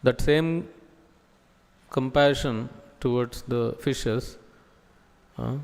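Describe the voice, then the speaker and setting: A man delivers a sermon-style scripture class in a slow, measured way. He halts often, pausing to search for words. His mid-pitched voice carries a long echo from a temple hall. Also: gravelly, a little mellow. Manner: slow, halting delivery with many pauses and fillers. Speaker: preacher giving scripture class.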